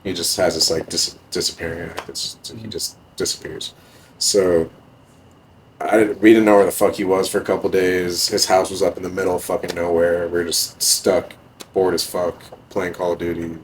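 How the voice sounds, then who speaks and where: A man's voice: low-pitched, level tone, moderate pace, slight background noise, poor audio. A young man, a podcast guest, telling stories in a laid-back, casual way, swearing often and using many fillers. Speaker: podcast guest, music producer. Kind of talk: casual storytelling.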